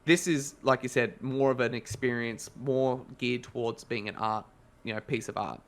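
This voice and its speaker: An Australian man reviews a game in casual podcast chat, rambling conversationally and correcting himself mid-sentence. His voice is an ordinary middle pitch, a bit bright, at a moderate pace.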